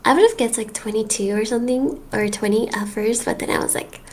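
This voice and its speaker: Brightish young woman. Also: fairly high pitch, steady tone, brisk, few pauses, a little hiss or hum. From Finland. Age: young adult. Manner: emphatic, dramatic, playfully indignant. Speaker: chat participant. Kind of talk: casual voice chat. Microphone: online voice call.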